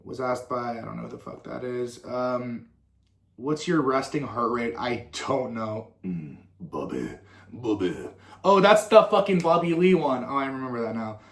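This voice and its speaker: A young male musician chats loosely through viewer questions, drifting off on tangents and swearing freely. His voice sits at an ordinary middle pitch. The recording carries a noticeable roomy echo. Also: expressive, normal speed. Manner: rambling and swearing, full of fillers and tangents. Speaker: musician and content creator. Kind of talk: casual Q&A chat.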